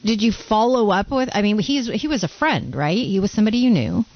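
A woman's voice: mid-range voice, lively intonation, a little fast, dry recording. A woman hosting a casual interview, encouraging her guest with short remarks. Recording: dull lo-fi sound.

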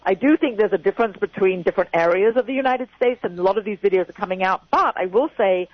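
An older English woman in her sixties talks quickly and emphatically as a radio guest, circling back to repeat her key points. Her voice comes through dull and muffled, like radio or phone audio. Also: mid-range voice, no echo. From England. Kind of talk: casual radio chat.

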